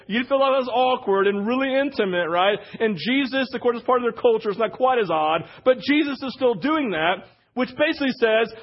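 Male pastor, easygoing sermon voice, slightly high, asks "right?" often; dull muffled recording. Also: normal speed. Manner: conversational preaching, frequent "right?" asides. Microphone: wireless church mic.

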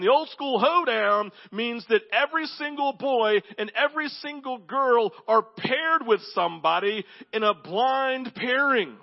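High-voiced animated male pastor preaching. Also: unhurried, gravelly, few pauses, lo-fi sound. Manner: animated, swings to low intense quiet. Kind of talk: sermon with storytelling.

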